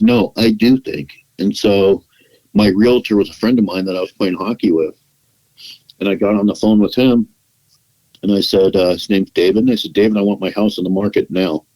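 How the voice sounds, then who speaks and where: A man with a low-pitched voice tells a personal story as a podcast guest. He lets his voice swing as he acts out what others said and restarts his sentences often. It sounds like easy, unscripted conversation. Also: darkish tone, rough recording. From California, United States. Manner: acts out quoted dialogue in his retelling; frequent restarts and "you know" fillers.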